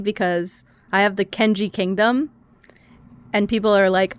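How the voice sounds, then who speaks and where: A woman's voice: medium pitch, fairly even intonation, moderate pace. A woman streamer in casual chat, rambling and talkative, often swearing and laughing as she goes.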